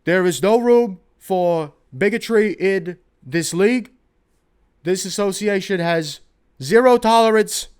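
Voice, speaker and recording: A fired-up old politician , as a man plays him, preaching in a loud, slow, drawn-out stump-speech voice, pitched well above a plain man's talk. He leans hard on every point. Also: clear, resonant tone. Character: older male politician turned basketball commissioner, ranting.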